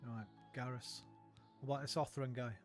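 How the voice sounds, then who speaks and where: A man's voice: mid-range voice, little pitch movement, fairly quick, faint music behind. A young man rants and swears casually while streaming a game. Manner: sweary, ranting. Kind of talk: casual gameplay chat.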